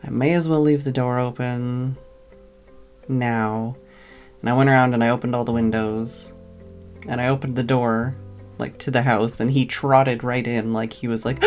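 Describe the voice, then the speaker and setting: A woman's voice: rumbling low, fairly even intonation, normal speed, a little mellow, soft background music. Tired woman rambling through a story. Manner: rambling, lots of "like" fillers. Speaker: streamer. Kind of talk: casual storytelling.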